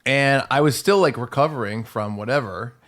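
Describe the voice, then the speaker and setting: A man co-hosting a comedy podcast, telling a rambling story in casual banter, laughing often and a little hoarse from recent illness. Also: medium pitch, normal speed, fairly bright tone. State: recovering from illness, slightly hoarse. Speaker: podcast co-host.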